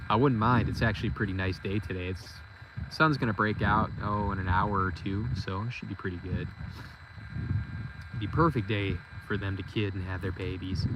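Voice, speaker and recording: A man's voice: on the low side, moderate pace, long pauses. Forty-year-old man chatting to his goats. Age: 40s. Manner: talks to his goats in a playful, teasing way. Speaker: vlogger. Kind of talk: casual chat. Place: outdoors on a goat farm. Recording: outdoor noise behind. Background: goats and outdoor ambience.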